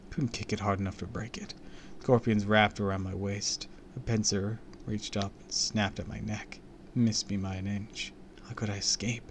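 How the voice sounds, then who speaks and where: A man's voice: on the low side, noisy background. A man reading a horror story aloud on a stream, dramatic and dropping into whispers for suspense.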